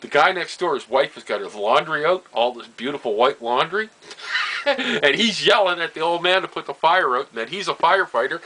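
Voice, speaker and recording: An older Nova Scotian man casually tells family stories at a brisk clip, his slightly high voice animated and sharp in tone. Frequent laughs, chuckling asides, and repeated, trailing phrases mark his telling. The recording is rough.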